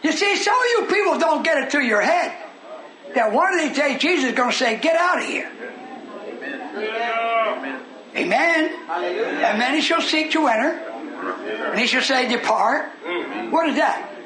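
An older man preaching a sermon in a folksy way that rises into shouted fervor. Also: extremely high pitch, lively intonation, normal speed, pauses often, a crowd in the background. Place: church meeting hall. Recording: echoey room with congregation.

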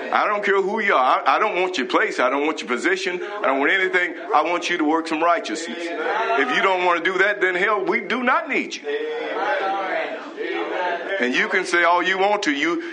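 A man preaching a fervent, scolding sermon on a live broadcast, reading scripture and breaking into hallelujahs. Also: fairly high pitch. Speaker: pastor.

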